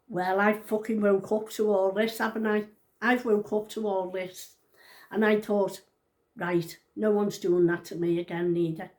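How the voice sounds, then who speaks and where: A woman's voice: medium pitch, darkish tone. A woman in her sixties telling her story to camera in a casual vlog. She is blunt and outspoken, swears freely and repeats her points for emphasis. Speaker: vlogger.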